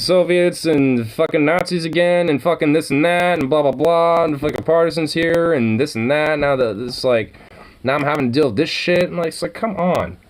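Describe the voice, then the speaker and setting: A man's voice: on the high side, voice pushed up, close to an everyday voice, poor audio. A man voicing a weary older farmer who is fed up with wars, in a slight Irish lilt, exasperated and swearing.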